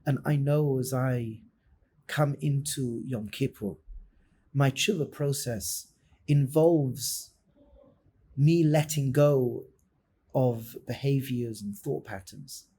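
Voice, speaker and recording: A man, a rabbi, telling a story in a sermon, dramatic and swinging between loud and hushed passages. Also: medium pitch, slow pace, pauses often, husky.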